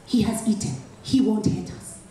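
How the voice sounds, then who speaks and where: A woman storyteller voicing a calm, wise blind old man who speaks in a hushed, knowing way. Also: mid-range voice, normal speed, a little hiss or hum, natural voice. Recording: echoey hall from far off.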